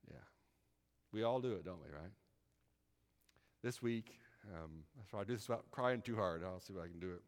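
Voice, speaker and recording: A man delivers a sermon in a relaxed, folksy manner, talking with his congregation more than at them. His voice sits at a middle pitch. A long hall reverb trails his words. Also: normal speed, long pauses. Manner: folksy, conversational, asks the congregation "right?". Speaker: preacher.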